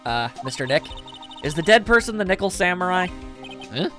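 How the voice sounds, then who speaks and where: A man voicing an eager, excitable little girl. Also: sits high, brisk, music in the background. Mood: curious. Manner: eager, bubbly.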